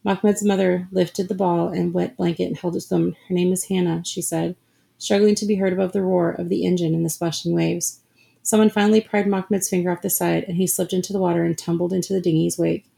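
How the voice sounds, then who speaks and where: Woman reading a story out, measured and steady, lots of vocal fry. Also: fairly low pitch. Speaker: audiobook narrator. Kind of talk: scripted story narration.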